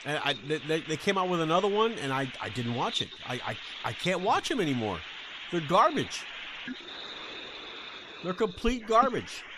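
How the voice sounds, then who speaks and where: A man hosting a podcast, talking casually in a halting way with crude jokes, and reading a news story aloud. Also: fairly high pitch, very animated, noisy background. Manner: halting, many fillers and restarts, crude jokes. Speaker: podcast host.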